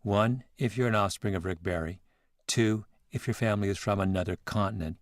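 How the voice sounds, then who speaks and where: A man hosting a podcast, telling a story in scripted narration with a measured, reflective manner. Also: lowish voice, no room sound, clean studio sound. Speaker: podcast host.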